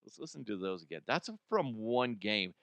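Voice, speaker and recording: A man hosting comedic sports commentary, irreverent, profane and animated. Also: fairly low pitch, moderate pace, no echo, muffled recording. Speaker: host.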